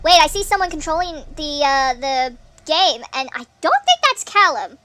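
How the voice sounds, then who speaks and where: A woman giving chatty gameplay commentary, thinking aloud with fillers, her voice sped up and pitch-shifted nightcore-style. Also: animated, a little slow, bright, forceful tone. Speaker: gameplay streamer.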